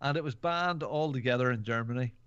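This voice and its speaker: A man's voice: medium pitch, brisk, a bit bright, clear, resonant tone, no echo. A man hosting a podcast in casual chat, rambling and jokey with lots of fillers. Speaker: podcast host. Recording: dull, dry podcast mic.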